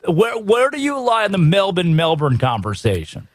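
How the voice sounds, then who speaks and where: American male sports radio host, high-ish voice, punchy and opinionated, dry studio sound. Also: moderate pace, no echo. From United States. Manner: energetic, opinionated, rhetorical questions. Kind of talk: sports talk show.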